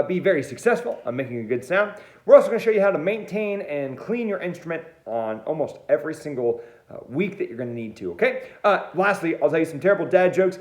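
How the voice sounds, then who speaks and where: An energetic male music teacher talks right to the camera in a quick, lively, high voice that jumps all over. His upbeat, playful lesson rings out in a roomy, echoing space. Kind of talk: online music lesson for kids. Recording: roomy echo.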